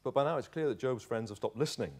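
A male pastor preaching a sermon and reading scripture, with lively storytelling and dramatic asides. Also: mid-range voice, fast talker.

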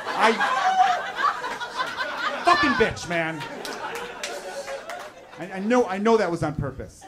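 A man from Chicago with a high voice, riffing loudly with a club audience during live stand-up. He swears often and his delivery is animated. Audience laughter rolls through the room behind him. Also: a little slow, long pauses, background noise. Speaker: stand-up comedian. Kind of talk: stand-up crowd work. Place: comedy club stage. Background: crowd laughing.

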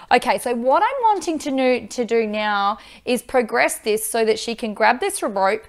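An upbeat woman, teaching dog training and giving loud bursts of praise into a microphone. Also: on the high side, lively intonation, normal speed, few pauses. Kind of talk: instructional video with live dog training.

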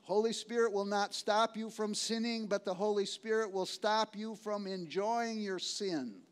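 A man preaching a sermon as pastor, emphatic, repeating phrases and slowing on key words, swinging between loud and hushed. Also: high-pitched, fairly even intonation, smooth.

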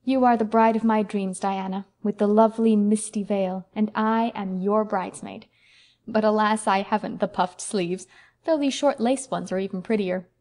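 A woman's voice: mid-range voice, steady tone, normal speed, a little mellow, natural voice. A woman voicing a dreamy, romantic young woman in an audiobook, speaking in a wistful, sentimental way. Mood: playful. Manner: wistful, sentimental storybook speech. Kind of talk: audiobook character voice.

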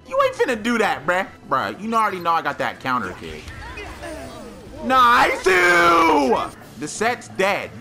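A man giving excited gameplay commentary, slangy and trash-talking, with loud outbursts. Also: sits high. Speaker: gaming YouTuber. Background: game music.

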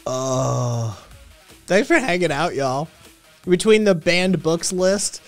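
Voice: mid-range voice, lively intonation, takes it slowly, faint music behind. A livestream host reading news headlines aloud in a casual, profane, unscripted way.

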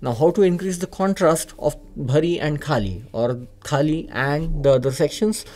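Patient Indian male tabla tutor; warm, mellow delivery, repeats key points. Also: fairly high pitch, normal speed. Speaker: tabla teacher. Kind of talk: instructional explanation. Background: tabla playing.

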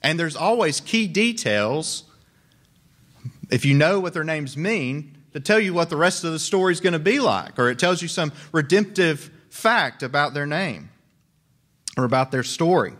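A man's voice: fairly high pitch, animated, normal speed, a bit bright. Man, young, preaching, conversational, joking asides. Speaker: pastor. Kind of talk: sermon.

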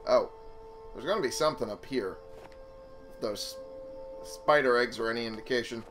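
A man's voice: medium pitch, moderate pace, a bit bright. A young man giving casual, chatty gameplay commentary, thinking aloud and swearing freely. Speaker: let's play host. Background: game music.

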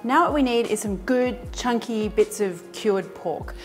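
A woman demonstrates a recipe as a cooking show host, chatting warmly and eagerly to the viewers as she works. She laughs easily and keeps up a lively patter from her kitchen. Soft music plays quietly underneath. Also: a little high, a little slow. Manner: chatty and enthusiastic, talks straight to viewers.

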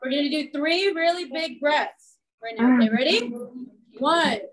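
A woman's voice: high voice, animated, normal speed, low-quality recording. A woman fitness instructor leading a chair exercise class, upbeat and encouraging as she counts the reps aloud.

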